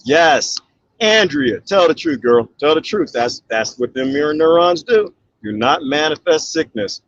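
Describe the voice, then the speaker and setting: A middle-aged man with a fairly high voice chats casually while reading viewer comments, speaking a little slowly. He's animated, laughs a lot, and acts out the quotes in different voices. The recording is dry and muffled.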